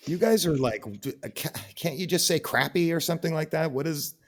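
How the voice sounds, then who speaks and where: A man's voice: a little high, brisk. A man hosting a casual podcast, asking playful questions and teasing his co-hosts. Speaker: podcast host.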